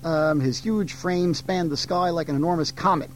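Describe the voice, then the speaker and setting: Guy reading a story to his class, kinda high voice, pauses with um between bits. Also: a little hiss or hum, low-quality recording. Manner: steady reading with ums and restarts in asides. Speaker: teacher reading aloud. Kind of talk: classroom read-aloud of literature.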